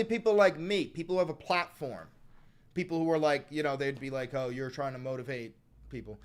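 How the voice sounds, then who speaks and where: A man hosting a political reaction show, talking in an animated, profane, slangy way. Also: medium pitch, a little fast, clean tone. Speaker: political commentary host. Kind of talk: reaction commentary.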